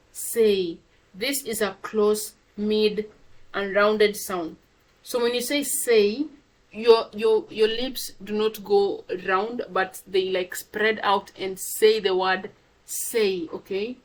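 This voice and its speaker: A woman teaching a pronunciation lesson to a class. She repeats words slowly to model each sound and checks in often with "okay?". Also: mid-range voice, low-quality recording.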